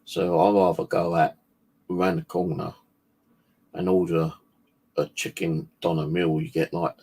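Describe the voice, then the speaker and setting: A low, husky-voiced man talking loosely to his livestream audience. He rambles from one thing to the next and swears freely. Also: flat delivery, a little slow, mellow. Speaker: paranormal channel host. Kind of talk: casual livestream chat.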